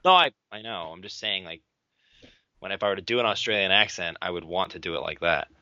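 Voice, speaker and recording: Bright lively man with dull lo-fi sound. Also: deep voice, quick pace. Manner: lively, playful, teasing. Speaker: podcast co-host. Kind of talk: casual live commentary chat.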